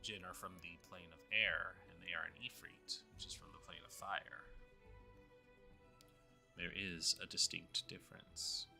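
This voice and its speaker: A man's voice: sits low, steady tone, unhurried, vocal fry, sharp tone, soft background music. A man acting as game master, laid-back and joking, explaining game lore plainly. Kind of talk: tabletop game narration and banter.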